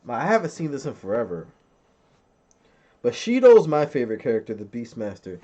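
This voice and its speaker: The dull lo-fi recording captures a thirtysomething man hosting a podcast, swearing, joking, and laughing as he goes through chat comments and tells stories. He speaks at medium pitch, very animated and a little fast, with a dark tone.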